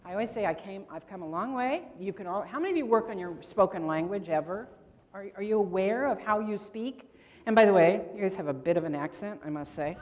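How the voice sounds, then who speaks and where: In a big convention hall full of lingering echo, an older woman leads a grammar workshop. Her mid-range voice is lively in intonation, slightly mellow, and a touch fast as she chats and quizzes the crowd.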